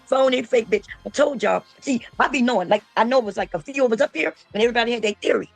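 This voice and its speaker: A woman streamer giving loud, mocking commentary, laughing often and mimicking the people she talks about. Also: a little high, fast talker, gravelly, no room sound, faint music behind. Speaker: streamer reacting to a panel. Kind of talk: casual livestream commentary.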